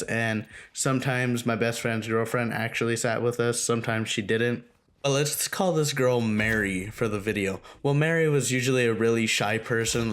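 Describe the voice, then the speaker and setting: A young man recounts a school story in a loose, rambling way. His talk is casual and full of fillers and swearing, and his voice sits at an ordinary mid pitch for a man. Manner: rambling, profane, filler-heavy. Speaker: storytime vlogger.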